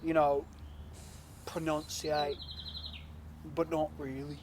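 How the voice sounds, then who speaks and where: Young American guy, fairly high voice, goofy fake Irish accent, playful banter. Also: little pitch movement, takes it slowly, background noise. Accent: American attempting Irish. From United States. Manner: joking, hamming up a put-on Irish accent. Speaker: co-host. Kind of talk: casual chat.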